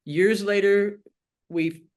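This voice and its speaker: This older woman from Tennessee has a medium-pitched, darkish voice, fairly even in intonation and slow in pace. In an oral history interview she tells her life story frankly and wryly, acting out the voices of people she quotes.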